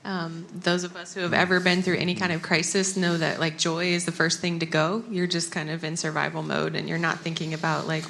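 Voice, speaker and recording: Earnest woman with a gravelly low voice. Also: flat delivery, a little fast, few pauses, fairly bright tone, slight background noise. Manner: earnest, storytelling, self-described crier. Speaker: panel speaker, ministry worker. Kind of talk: panel discussion.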